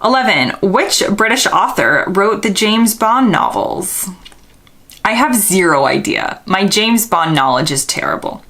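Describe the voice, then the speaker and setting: A woman's voice: medium pitch, expressive, a little slow, a bit bright. A young American woman vlogger, casually thinking aloud and second-guessing herself while answering quiz questions. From United States.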